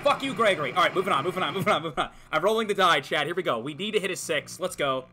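A man streaming a video game, giving frantic, excitable commentary as he yells, laughs and swears. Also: on the high side, racing, very noisy. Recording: game music playing clearly behind.

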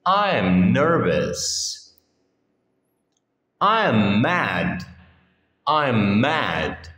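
Slow, sing-song male English teacher. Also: medium pitch, big pitch swings, a bit bright. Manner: reads each phrase on its own with pauses, often repeating it. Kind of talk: slow phrase-by-phrase lesson reading. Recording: echoey room with long reverb.

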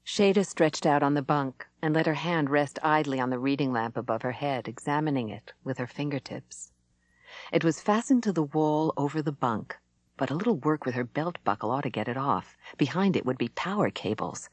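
Brief: female audiobook reader, low voice, dry booth sound. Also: lively intonation, moderate pace, no echo. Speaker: audiobook narrator. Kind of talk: scripted narration.

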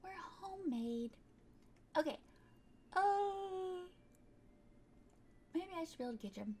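A woman's voice: very high voice, animated, takes it slowly, darkish tone. A woman giving casual, chatty commentary while she plays a building game, thinking aloud and tossing in playful sound words. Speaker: gaming video creator.

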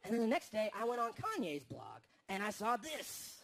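A man doing stand-up comedy, animated and acting out the voices of his friends. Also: sits high, moderate pace, creaky, hardly any pauses, background noise. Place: large theater with a live audience. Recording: live stage recording with a crowd. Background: audience laughter.

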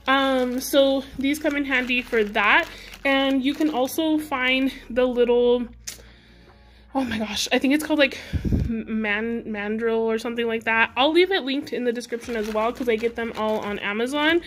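A woman's voice: fairly high pitch, normal speed, a bit bright, slight background noise. A young woman chatting casually to her viewers in a nail product haul, talkative and friendly with a giggly manner. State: out of breath. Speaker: beauty vlogger.

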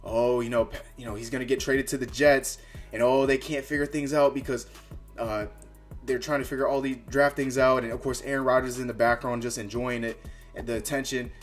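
A man hosts a sports fan vlog in a fired-up, casual, trash-talking way. His voice sits at an ordinary middle pitch. Faint music plays behind him. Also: level tone, a little fast. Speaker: sports fan channel host.

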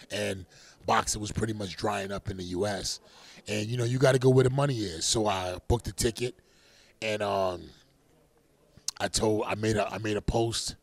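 Middle-aged male, gravelly, animated storyteller, laughs a lot, quick to shout. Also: medium pitch, no echo. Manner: animated, laughing, bursts into loud catchphrase shouts. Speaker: boxer, interview guest. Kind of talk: casual interview storytelling.

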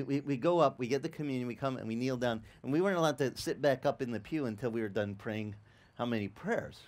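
A man preaching a sermon as pastor, telling lively stories with acted-out quotes and frequent stammered restarts. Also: mid-range voice. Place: church.

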